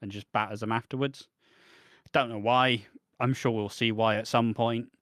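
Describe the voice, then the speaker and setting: A man's voice: medium pitch, steady tone, moderate pace, fairly bright tone, no echo. A man co-hosting a casual wrestling review podcast, laid-back with dry remarks that trail off. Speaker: podcast co-host.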